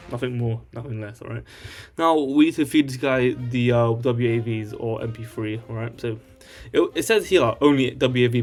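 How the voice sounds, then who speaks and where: Male tutorial host, casual and rambling, checks in with "alright?" constantly. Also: medium pitch. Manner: rambling, tags lines with "alright?". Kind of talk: casual screen-share tutorial.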